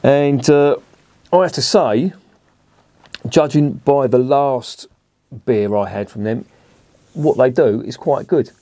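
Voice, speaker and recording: A man's voice: mid-range voice, slow pace, long pauses, mellow, dry recording. A man giving a casual beer review, blunt and opinionated, swearing freely.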